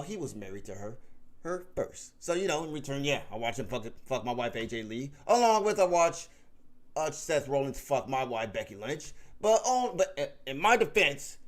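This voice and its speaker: A man ranting straight to his audience, heated and profane, rambling with many restarts. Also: medium pitch. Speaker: YouTube commentator. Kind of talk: unscripted rant to camera.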